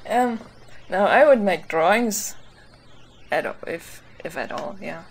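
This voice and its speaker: A woman with a German accent co-hosting a casual chat, giving short, soft-spoken replies with giggles. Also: on the low side, lively intonation, a little slow, gravelly, breathy edge. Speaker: co-host of a Q&A chat.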